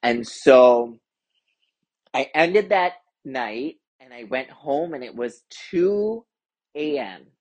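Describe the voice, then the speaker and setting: A woman's voice: rumbling low, takes it slowly. An American woman hosting a spiritual podcast, telling a personal story in a chatty way with lots of "like" fillers. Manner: chatty, many "like" fillers, animated retelling. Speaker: podcast host and intuitive card reader. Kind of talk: casual storytelling monologue.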